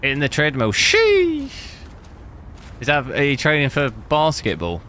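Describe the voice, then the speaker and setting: A man's voice: medium pitch, expressive, a little fast, sharp tone, slight background noise. A young man chatting casually with his live-stream viewers while testing a game, rambling and answering chat. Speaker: gaming streamer.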